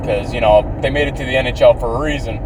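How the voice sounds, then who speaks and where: A man's voice: mid-range voice, fast, recorded from a distance, noisy background. A man in his thirties from Canada ranting outdoors in a bitter, profane way, swearing constantly.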